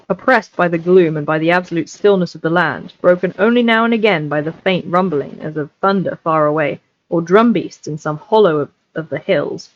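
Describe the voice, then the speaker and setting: A woman reading a novel aloud on a livestream, chatty and scattered, with asides, over a desk mic. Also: lowish voice. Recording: lo-fi livestream audio.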